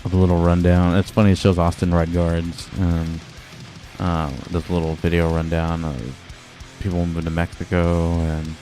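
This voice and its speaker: Deep-voiced man casually streaming. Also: monotone, normal speed, dark tone, soft background music. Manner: laid-back, swears, rambling asides. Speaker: livestreamer.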